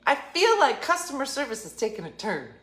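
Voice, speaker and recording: Animated woman of fifty telling a story. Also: high-pitched, a little fast, echoey room. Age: 50s. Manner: animated, self-mocking storyteller. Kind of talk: comedic storytelling.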